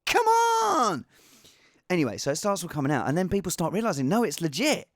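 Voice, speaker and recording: A comedian hosting his show in a lively, rambling monologue. His pitch leaps all over the place, he jumps from bursts of shouting to low mutters, and the sound is dry and close to the mic. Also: rapid-fire, no room sound. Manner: animated, swings from shouting to mumbling. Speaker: podcast host and impressionist.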